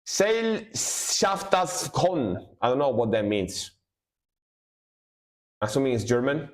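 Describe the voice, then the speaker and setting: A man's voice: mid-range voice, unhurried. A man streaming live music reactions, musing aloud, fumbling over foreign words and cheering the riffs. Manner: excited exclamations over the music.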